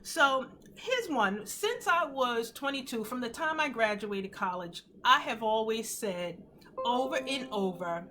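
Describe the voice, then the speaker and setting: A woman's voice: measured pace, slight background noise. Earnest woman in her fifties, tearful. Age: 50s. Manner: earnest and emotional, tearful at times, animated swings in pitch. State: teary. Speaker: host of a faith livestream. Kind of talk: casual live talk, testimony.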